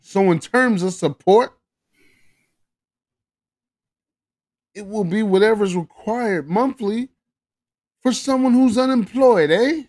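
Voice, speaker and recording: A man's voice: very high-pitched, lively intonation, measured pace, voice pushed up. A man putting on a smug, dismissive male athlete, reading his message aloud in a mock Canadian accent that tacks on "eh".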